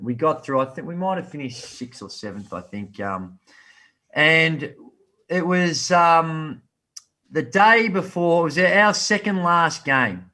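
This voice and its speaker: An Australian man in his fifties, appearing as a podcast guest, tells a long story in a relaxed, animated way, using local slang. His voice is a little high, and the talk is casual storytelling.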